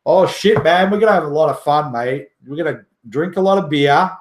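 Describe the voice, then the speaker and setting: A man's voice: fairly high pitch, fairly quick, echoey room. A man hosting a casual livestream who jokes, boasts, swears casually and laughs often. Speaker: livestream host.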